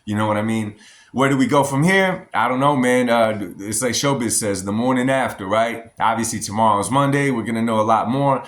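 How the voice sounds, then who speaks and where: An American man talks in a casual, emphatic vlog style and keeps addressing his viewers directly. His voice sits at an ordinary middle pitch. The sound carries a noticeable room echo. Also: fairly quick, a bit bright. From United States. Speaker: boxing commentary vlogger.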